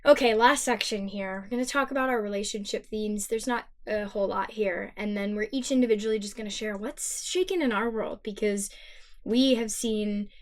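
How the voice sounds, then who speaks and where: A woman's voice: mid-range voice, moderate pace. A woman in her thirties co-hosting a spiritual podcast, speaking in an earnest, emotional and reflective way. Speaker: podcast co-host. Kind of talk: heartfelt spiritual podcast talk.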